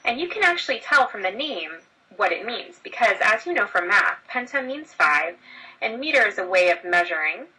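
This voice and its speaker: A woman's voice: mid-range voice, big pitch swings, a little fast, bright, forceful tone, slightly rough, recorded from a distance, rough recording. A woman teacher explaining a lesson step by step, talking straight to her students. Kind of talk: screen-recorded lesson.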